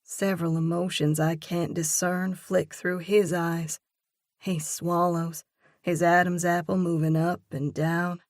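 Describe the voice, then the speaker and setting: A woman narrating a romance audiobook in the first person, with a measured, expressive reading. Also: on the low side, no room sound, studio quality.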